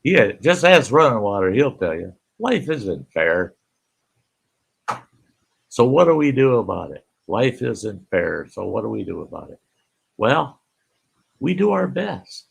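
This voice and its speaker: An older man hosts a casual live stream in a folksy Upper Midwest American accent, greeting chat viewers by name and laughing often. His voice is lowish, creaky, and breathy at the edges, and he speaks unhurriedly but with lots of animation.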